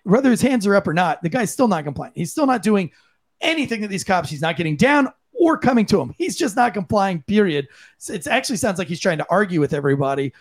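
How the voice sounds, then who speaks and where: Profane, fired-up man ranting. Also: sits high. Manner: blunt, profane, impassioned ranting. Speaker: podcast co-host, former police officer. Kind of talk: heated opinion commentary.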